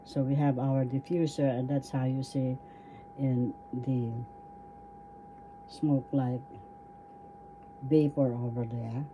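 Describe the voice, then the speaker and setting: A middle-aged woman teaching a language slowly and patiently, breaking words into syllables, her voice still low and husky from a cold. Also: flat delivery, noisy background. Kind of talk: slow spoken language lesson. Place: at home indoors, diffuser running.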